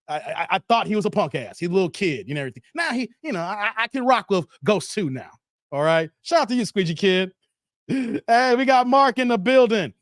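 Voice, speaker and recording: A man's voice: high voice, no echo, studio quality. A man from Chicago hosting a live stream, chatting casually and reading out viewer messages with a lot of laughter. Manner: animated, laughs often, reads viewer messages aloud.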